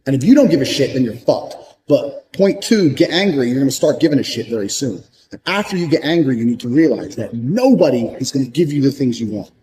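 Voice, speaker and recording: A man's voice: medium pitch, expressive, fairly quick, hardly any pauses, dark tone, poor audio. A man giving a blunt, profane motivational monologue, hammering points home through repetition. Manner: repeats points for emphasis. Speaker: motivational speaker.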